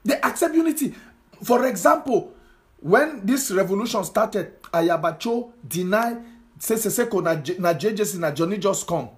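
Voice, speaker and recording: A political commentator with a Cameroonian Pidgin English accent delivers an impassioned social media monologue, scolding his audience with repeated rhetorical questions. His high-sitting voice is expressive and moderately paced.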